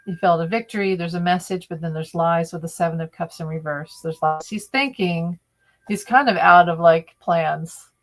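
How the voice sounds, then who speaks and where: A woman's voice: fairly low pitch, normal speed. A woman doing a live-stream tarot reading, talking in a conversational, opinionated way and often restarting her sentences. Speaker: tarot reader.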